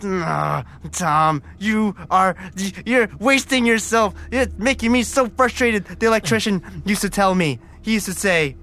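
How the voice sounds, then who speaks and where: An excitable man hosting an improvised comedy podcast while playing a superhero sidekick. His high, bright voice leaps around wildly, dropping into gruff low lines for laughs. He talks with a bright, forceful edge. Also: measured pace, hardly any pauses.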